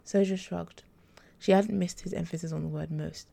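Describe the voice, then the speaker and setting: A woman reading a romance story aloud at a measured storytelling pace. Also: on the low side, steady tone, gravelly, mellow.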